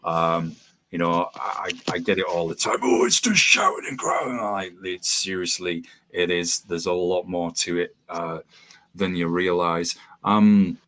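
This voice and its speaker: A man's voice: low voice, flat delivery, unhurried, a bit bright. A man hosting a podcast interview, rambling with lots of ums and restarts over a video call. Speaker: podcast host. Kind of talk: casual interview chat.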